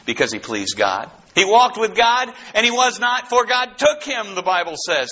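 A man preaching a fervent, excitable sermon who often bursts into shouts. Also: high-pitched, moderate pace, hardly any pauses, husky, lo-fi sound.

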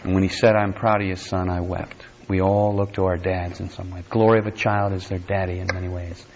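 Male preacher, mid-pitched, animated storytelling delivery with folksy asides, slightly dull lo-fi recording. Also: fairly quick, slight background noise. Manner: animated, acts out quotes in higher voice, folksy asides. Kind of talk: sermon.

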